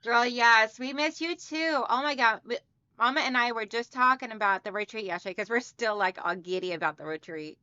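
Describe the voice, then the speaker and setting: A woman with a fairly high, quick voice and a sharp, clean tone hosts a quilting livestream from home, chatty and upbeat as she greets viewers by name and reads their comments aloud. The home recording is dry and slightly dull, with no room sound.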